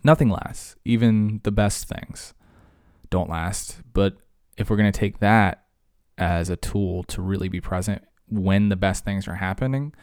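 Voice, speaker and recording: A man from Virginia who teaches high school English, talking casually and rambling with lots of filler words and sudden animated bursts. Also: measured pace, clean tone, no echo, clean studio sound. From Virginia, USA. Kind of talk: casual conversation.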